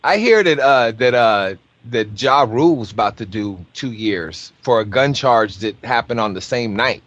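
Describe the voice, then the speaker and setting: A man's voice: medium pitch, animated, moderate pace, a bit bright, dry recording, dull audio. A man hosting a radio show, asking rambling questions full of fillers. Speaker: radio host. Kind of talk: casual radio chat.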